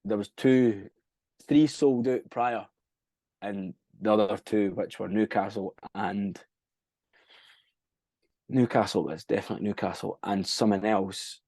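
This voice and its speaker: A man's voice: on the low side, fairly even intonation, a little slow, long pauses, darkish tone, dry recording. Rambling, swearing Scottish man. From Scotland. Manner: rambling, swears freely, loses track of dates. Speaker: band frontman, podcast guest. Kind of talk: casual interview chat.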